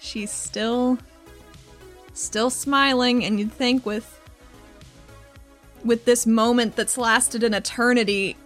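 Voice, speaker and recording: A woman's voice: fairly high pitch, fairly even intonation, slow, long pauses, fairly bright tone, faint music behind. A woman playing a tabletop game, making wry, joking asides. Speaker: player. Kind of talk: casual tabletop play.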